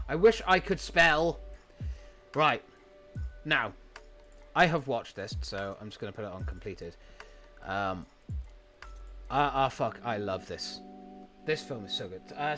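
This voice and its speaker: Chatty man gushing about anime. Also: mid-range voice. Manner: chatty and enthusiastic, swears freely, thinks aloud. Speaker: streamer. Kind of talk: casual chat reviewing an anime list.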